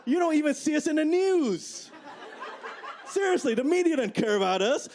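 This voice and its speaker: High-voiced man doing stand-up. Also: very animated, normal speed, a little mellow. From Midwest of the US. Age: 40s. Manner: conversational, peppered with "right?" and "okay?" tags. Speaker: stand-up comedian. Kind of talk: stand-up comedy set. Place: comedy club stage. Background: audience laughter.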